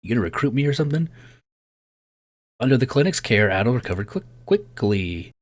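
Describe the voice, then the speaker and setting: A man's voice: mid-range voice, expressive, a little fast. A man giving casual game commentary, chatty and thinking aloud, laughing often. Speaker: let's play host.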